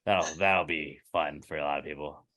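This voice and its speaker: A young man co-hosting a podcast, telling animated stories with plenty of swearing. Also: extremely low pitch, normal speed. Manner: animated storyteller, swears freely, acts out quoted exchanges. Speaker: podcast co-host. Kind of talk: casual podcast banter.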